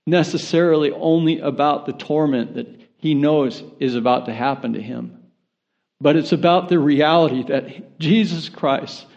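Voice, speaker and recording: A man's voice: on the high side, creaky, darkish tone, highs cut off. A man preaching a sermon in an earnest manner that builds to impassioned intensity. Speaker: pastor.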